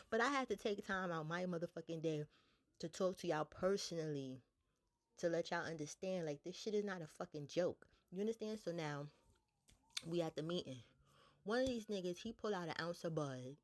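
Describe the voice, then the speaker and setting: A young woman casually telling a storytime, blunt and profane, jumping up in pitch to act out what people said. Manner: animated retelling, blunt and profane, voices others higher.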